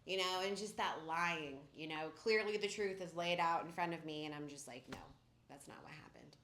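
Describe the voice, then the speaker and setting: A woman's voice: fairly low pitch, moderate pace, fairly bright tone. A woman giving a candid personal recovery testimony in a casual, rambling way, full of "like" and "you know.". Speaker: speaker at a recovery meeting. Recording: roomy echoing room.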